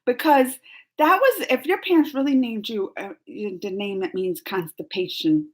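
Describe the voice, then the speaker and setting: A woman's voice: medium pitch, unhurried. A woman hosting a casual live stream, chatting and giggling as she reads viewer comments aloud. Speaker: YouTube reaction host.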